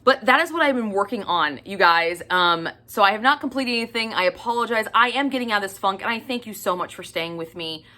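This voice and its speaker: Chatty bright-voiced woman book vlogger. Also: medium pitch, animated, a little fast, hardly any pauses. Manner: chatty, gushing, doubles her words for emphasis; casual, with the odd swear word. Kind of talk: casual book review chat.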